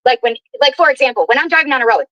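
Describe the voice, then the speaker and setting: A woman with a high voice rants fast and angrily, swearing freely as she talks to her livestream viewers. She is behind the wheel of a car, and the sound is dry and close. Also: bright, forceful tone, no room sound, highs cut off. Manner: profane, indignant ranting. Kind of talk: ranting livestream while driving.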